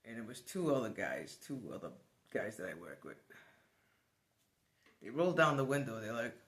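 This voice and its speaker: A man telling a personal story to the camera in a casual vlog, animated and swearing now and then. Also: mid-range voice, normal speed, reverberant. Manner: animated, swears, laughs as he tells it. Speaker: vlogger.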